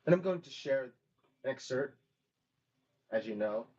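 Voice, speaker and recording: A teenage high school senior giving a polite, formal prepared speech at an event. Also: male voice, lively intonation, measured pace, a little mellow, husky. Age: teens. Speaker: student speaker. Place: bookstore event space. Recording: dull lo-fi sound.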